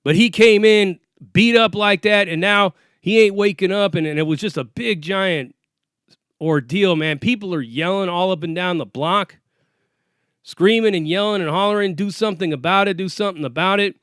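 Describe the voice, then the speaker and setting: Talking at a moderate pace in a high, smooth, slightly bright voice, a former inmate tells prison stories. His style is profane and streetwise, acting out what people said, recorded in studio quality with no room sound.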